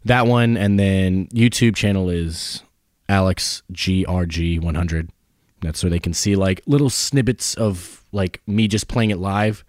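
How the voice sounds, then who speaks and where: A man with a very deep voice chats as a guest on a podcast, relaxed and rambling with lots of filler words. The sound is dry and close. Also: unhurried, no echo. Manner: laid-back, lots of fillers like "like". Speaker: musician guest. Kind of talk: casual chat.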